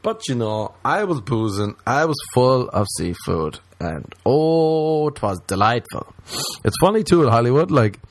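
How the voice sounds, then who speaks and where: A man's voice: mid-range voice, normal speed, dry recording. A man from Ireland with an Irish accent, casually telling a comic story, swearing a lot and acting out the voices of the people in it. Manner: animated, swears a lot, acts out quoted voices.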